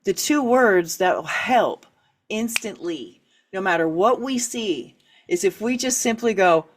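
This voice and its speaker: A middle-aged woman, an author and writing coach, speaking candidly as an interview guest. She is animated, laughs often and acts out quoted reactions. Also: medium pitch, a little slow, slight background noise.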